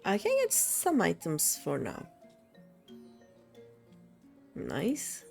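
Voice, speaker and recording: A woman's voice: fairly low pitch, wildly swooping pitch, very slow, vocal fry, darkish tone, soft background music. A woman streaming a game, chatting casually and thinking aloud with many hesitant fillers. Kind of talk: casual gameplay chat.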